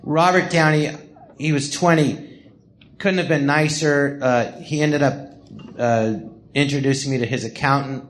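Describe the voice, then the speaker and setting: A middle-aged man from the Los Angeles area with a slightly high voice tells stories in a relaxed interview. He laughs often and acts out what others said. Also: unhurried, a little hiss or hum. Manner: animated, laughing storyteller who acts out quotes. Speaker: podcast host telling stories. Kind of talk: casual storytelling interview. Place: small live theater.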